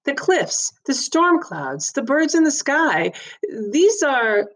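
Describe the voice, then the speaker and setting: A woman voicing an accused young woman artist who speaks haltingly, searching for words, in a read-aloud story. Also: high voice, sing-song, a bit bright, voice pushed up, full character voice. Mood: earnest.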